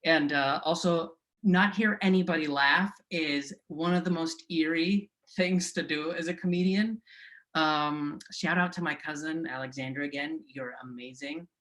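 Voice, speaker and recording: A man's voice: a little high, measured pace, fairly bright tone. A male stand-up comedian telling family stories in a rambling, chatty way. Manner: rambling, chatty, with fillers and laughs. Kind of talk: stand-up set.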